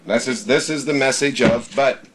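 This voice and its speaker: A man's voice: mid-range voice, moderate pace, fairly bright tone, a little hiss or hum. A man leading a small-group Bible study, teaching emphatically, repeating his points and reading scripture aloud.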